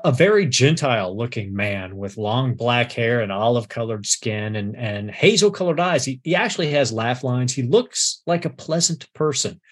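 A man with a husky, mid-pitched voice runs a tabletop game as game master. He narrates in halting bursts, with frequent fillers and restarts. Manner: hesitant, many fillers and restarts.

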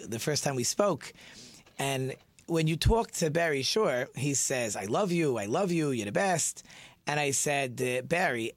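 Chatty higher-voiced male talk host. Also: dry recording. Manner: chatty, rambling, with fillers and restarts. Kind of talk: casual talk show chat and joke telling.

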